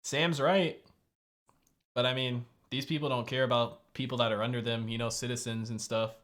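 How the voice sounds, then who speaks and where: A young man reacting to a TV episode with loud, profane, exasperated exclamations. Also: mid-range voice, fairly even intonation, normal speed. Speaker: video reactor. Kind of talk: reaction commentary.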